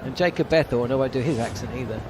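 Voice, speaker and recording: A man commentating live on a cricket match for radio, describing each ball with wry, chatty asides. His voice sits in an ordinary middle register. A steady wash of outdoor and traffic noise runs under the broadcast. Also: mid-range voice, racing.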